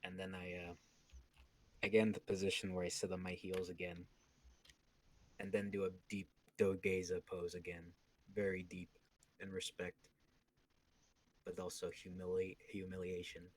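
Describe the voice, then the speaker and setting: A man playing a character in a tabletop role-playing game, speaking in a measured, formal way. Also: low-pitched, monotone. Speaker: player.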